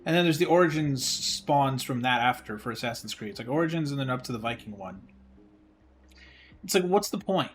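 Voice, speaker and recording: A man's voice: medium pitch, expressive, brisk, fairly bright tone, soft background music. A man streaming a game live, talking casually in a profane, ranting and exasperated way. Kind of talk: casual livestream chat while gaming.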